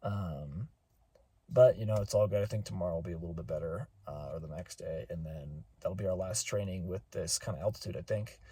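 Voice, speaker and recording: Low husky man rambling in his car. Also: fairly quick. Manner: relaxed, rambling, many fillers. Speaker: vlogger. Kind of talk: casual travel update.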